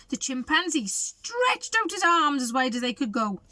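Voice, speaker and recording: A woman's voice: sits high, sing-song, moderate pace, sharp tone, no room sound. A woman reading a picture book aloud to children, asking them coaxing questions. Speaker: storybook reader for children.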